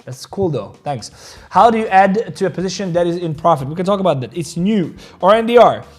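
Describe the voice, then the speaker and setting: A man's voice: high-pitched, animated, fairly quick, a little mellow, faint music behind. A man hosting a crypto trading livestream, rambling casually, swearing freely and joking with viewers about their likes. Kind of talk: casual livestream chat, reading viewer comments.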